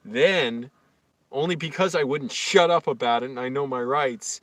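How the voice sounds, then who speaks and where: A man's voice: medium pitch, moderate pace, no room sound. A man from Virginia telling an indignant, rambling story on a livestream, with many fillers and restarts. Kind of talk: casual livestream rant.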